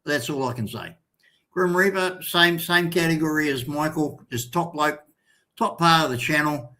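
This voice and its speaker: Older Australian male stream host, slightly high voice, loose and rambling, salty language. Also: normal speed, pushed and bright. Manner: rambling, swears, calls viewers mate and son. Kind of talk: casual live chat.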